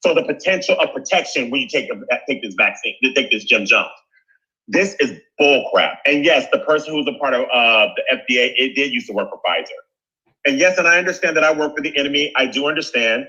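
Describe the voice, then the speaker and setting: Fired up caller guy, swearing, forceful voice, muffled lo-fi sound. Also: mid-range voice, expressive, a little fast. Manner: angry, indignant, profane.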